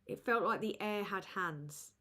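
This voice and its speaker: A woman hosting a live chat with viewers, rambling and halting with many fillers, tired and low. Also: sharp tone. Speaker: livestream host.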